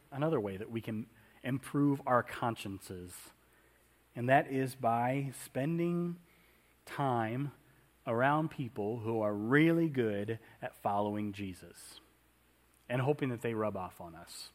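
A man's voice: medium pitch, animated, measured pace. A man preaching a conversational sermon in a church, often asking the congregation questions. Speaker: pastor.

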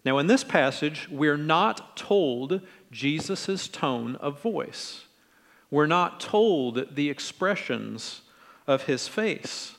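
Friendly, slightly high-voiced middle-aged preacher. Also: male voice, slow pace, creaky, big-room sound. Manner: relaxed, friendly, acts out quoted lines in different tones. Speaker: pastor. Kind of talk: conversational sermon.

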